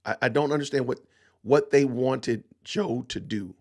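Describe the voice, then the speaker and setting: A middle-aged podcast host talks at a normal pace in a medium-pitched, darkish voice. His commentary is opinionated and repetitive, punctuated by emphatic rhetorical questions.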